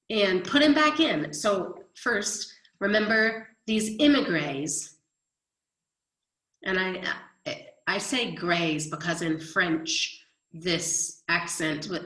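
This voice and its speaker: A woman's voice: fairly low pitch, slow, a bit bright, roomy sound, low-quality recording. A woman history teacher giving a chatty recorded lecture, explaining with everyday examples.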